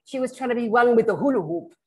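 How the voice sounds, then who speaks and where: British woman, therapist, casual storytelling, blunt, animated, fairly high voice. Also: fast talker. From Britain. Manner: animated storyteller who acts out the people she quotes; frank and blunt, laughs through her stories. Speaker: spiritual therapist.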